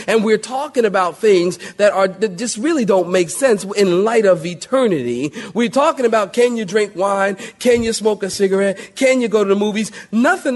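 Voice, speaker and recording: Animated high-voiced man preaching a sermon. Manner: dynamic preacher, swings from loud exclamations to hushed asides; calls for amens and acts out skits. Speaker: pastor.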